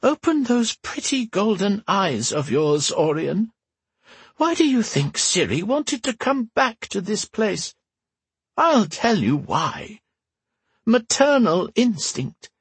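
A creaky, fierce old empress. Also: male voice, sits high, sing-song, slow, dry recording, voice pushed up, full character voice. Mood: tart. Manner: sharp-tongued, threatening.

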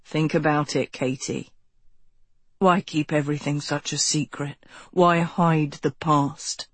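A woman drops her voice to play a brooding young preacher who talks low and intensely, pressing his case without letup. The husky voice comes slowly, recorded close and dry, like an audiobook read in a booth. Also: fairly even intonation, no echo, exaggerated voice. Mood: persuasive. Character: brooding, manipulative young man, a cult-like preacher.

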